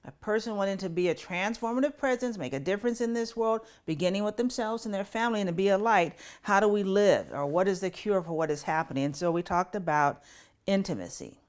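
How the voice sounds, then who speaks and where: A pastor and podcast host, this woman speaks at a medium pitch and a slightly fast pace on her spiritual talk show. She is earnest and personal, holding back tears as her voice softens with grief.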